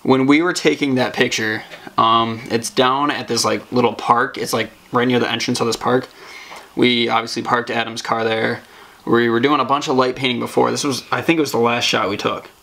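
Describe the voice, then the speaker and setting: Gravelly young man telling stories. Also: mid-range voice, steady tone, moderate pace, bright, forceful tone. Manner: loose storytelling with many fillers and laughs. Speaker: podcast co-host. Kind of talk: casual podcast chat.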